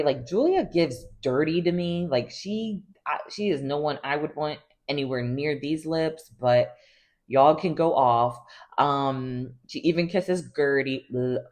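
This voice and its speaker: A woman hosting a casual reality TV recap, chatty and gossipy, full of "like" and quick laughs. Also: low voice, darkish tone. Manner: chatty and gossipy, heavy use of "like", laughs often.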